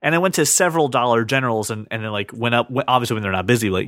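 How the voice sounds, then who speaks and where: A man hosting a casual podcast, rambling and repeating words when he gets excited. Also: medium pitch, rapid-fire, no room sound, clean studio sound. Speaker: podcast host.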